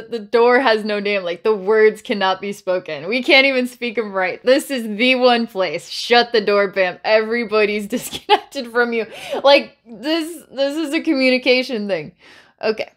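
A woman's voice: fairly high pitch, fairly bright tone. A woman giving a channelled psychic reading to camera. She rambles and repeats herself, restarts phrases, breaks into laughter, and switches between dramatic challenges and coaxing. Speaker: psychic reader.

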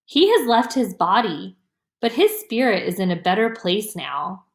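A woman voicing an old, tired station master who speaks quietly and sorrowfully in a storybook reading. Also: mid-range voice, very animated, a little slow, echoey room. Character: old, weary male station master, kindly.

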